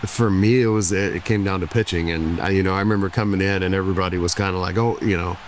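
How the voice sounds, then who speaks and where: A man in his forties, a former baseball pitcher, answering interview questions in a laid-back, reflective way with frequent restarts. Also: fairly even intonation, fast, slight background noise. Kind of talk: casual interview.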